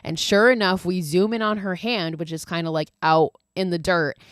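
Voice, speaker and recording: Woman podcast host, chatty film recap, lowish voice, dry close sound. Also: fairly even intonation, moderate pace, clear, resonant tone, no echo. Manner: chatty, swears freely, gushing asides.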